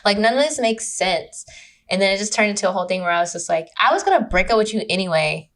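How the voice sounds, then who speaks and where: A woman from California, a podcast guest, telling a dating story in casual, animated chat, with lots of swearing and mocking impressions of others. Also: mid-range voice, fast. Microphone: remote recording.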